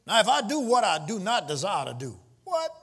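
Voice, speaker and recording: A man preaching in church with a husky, bright edge to his voice. His pitch swings widely, climbing high when he calls out to the congregation and teases them. It is a lively call-and-response sermon that builds into shouting. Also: fairly quick. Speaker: pastor. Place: church before a live congregation.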